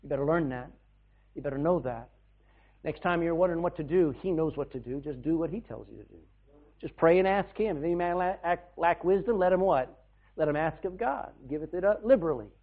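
A male preacher with a high, lively voice that leaps between shouted bursts and hushed asides as he tells stories. The sound is thin and tinny, like it came over a phone line. His delivery stays animated and expressive throughout. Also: fairly quick. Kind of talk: sermon.

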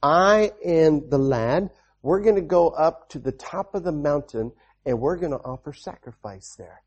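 A man voicing an aged, devoted father in a children's Bible story, speaking slowly and earnestly. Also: fairly high pitch, animated, a little mellow, breathy edge. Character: aged male patriarch, a devoted, obedient father.

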